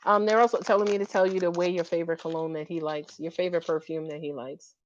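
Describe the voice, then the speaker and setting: A woman doing a live-stream tarot reading, sassy and animated and laughing often. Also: on the low side, fast, dull audio, a little hiss or hum. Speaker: tarot reader.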